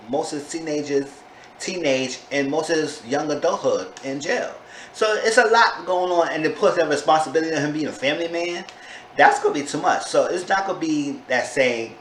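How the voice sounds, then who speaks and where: A man giving a casual, gossipy recap of a reality show episode. He sometimes breaks into sudden high-pitched disbelief. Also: fairly bright tone. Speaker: TV show reviewer. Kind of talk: casual chatty recap vlog. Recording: echoey room with faint background noise.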